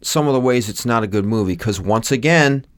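Animated young man chatting about movies. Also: mid-range voice. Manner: jokey, laughs often, quick to apologize. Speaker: podcast co-host. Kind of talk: casual movie-review chat.

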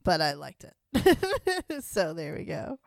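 Woman co-host, Southern, quick to react. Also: lowish voice, vocal fry, no echo, studio quality. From American South. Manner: expressive reactions, frequent laughter. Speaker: podcast co-host. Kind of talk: casual chat.

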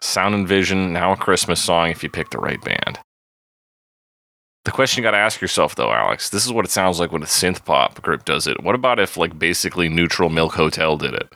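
A man's voice: low voice, animated, a little fast, bright, forceful tone, no room sound, studio quality. A man co-hosting a casual music podcast, chatting and humming bits of songs to show what he means. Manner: sings and vocalizes bits of songs to illustrate. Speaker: podcast co-host.

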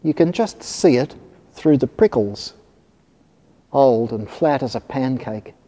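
An eager schoolgirl passing on gossip, as a man reading aloud puts her on. She sounds animated and mellow, with a long echo from a hall. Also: mid-range voice, slow. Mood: gossipy. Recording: reverberant hall.

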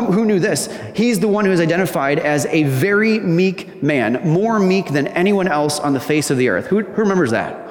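High-voiced preacher in an echoing hall. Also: male voice. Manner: conversational, quizzes the congregation, acts out quoted voices. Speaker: pastor. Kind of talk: sermon. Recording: echoey hall with long reverb.

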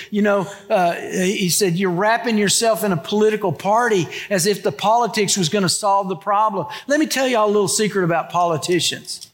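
High-voiced preacher. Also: male voice, fairly bright tone. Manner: conversational preaching, acts out quotes. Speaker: pastor. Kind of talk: sermon.

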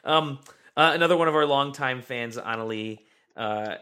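A man's voice: medium pitch, moderate pace, bright, forceful tone, smooth. A man hosting a podcast, chatting casually and reading out listener comments with plenty of fillers. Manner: rambling, reads listener comments aloud. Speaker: podcast host.

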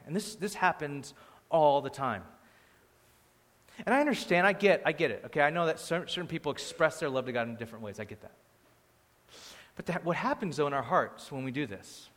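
Pastor guy preaching, lively and kinda high voice, acts out the voices, big echo in the hall. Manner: animated, acts out quoted voices, swings between loud and quiet. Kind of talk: sermon. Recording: long hall reverb.

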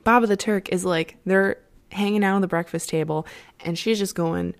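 A woman's voice: mid-range voice, moderate pace. A young woman casually retelling an opera plot, rambling with many fillers and frequent laughs.

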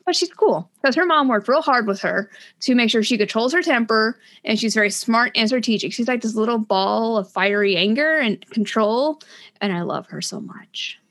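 A young adult woman co-hosting a casual book podcast, talking in an animated, gushing way with quick asides. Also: on the high side. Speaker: podcast co-host.

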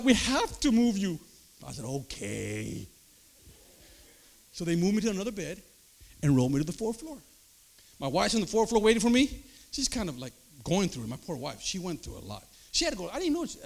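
A man preaching, telling his own testimony story with animated storytelling and acted-out voices. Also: high voice, gravelly. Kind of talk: sermon testimony.

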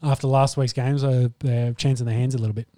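A laid-back Australian man talking footy as a podcast co-host. His voice is dark and mellow, and it sits dry and close to the mic. He speaks casually and thinks out loud as he goes. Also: medium pitch, flat delivery, brisk, dry recording. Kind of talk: casual sports chat.

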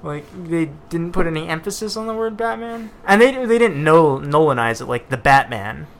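A man's voice: a little high, expressive, normal speed. A man co-hosting a casual chat, earnest and argumentative, often tripping over his words.

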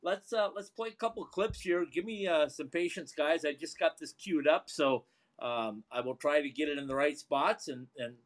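A man's voice: fairly high pitch, normal speed. A man hosting a sports radio show, chatting casually with plenty of fillers and restarts. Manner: rambling, filler-heavy, chuckling.

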